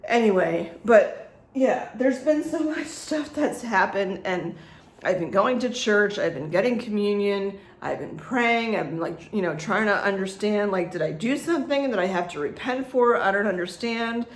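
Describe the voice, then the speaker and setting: A woman speaks in a casual home vlog, rambling and chatty with frequent laughter and fillers. Her voice sits at an ordinary middle pitch. The room around her is echoey. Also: expressive, normal speed. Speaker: vlogger.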